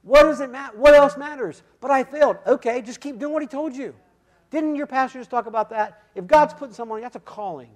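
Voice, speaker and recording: A man giving a sermon testimony, swinging from quiet, intimate moments to loud, emphatic calls, with repeated "come on" and "listen". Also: very high-pitched, fairly quick. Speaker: guest speaker giving testimony.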